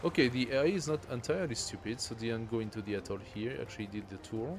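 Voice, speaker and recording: Man thinking aloud over steady noise. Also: medium pitch, fast. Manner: thinks aloud, reads game text, chuckles at it. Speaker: streamer playing a strategy game. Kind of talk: casual live gameplay commentary.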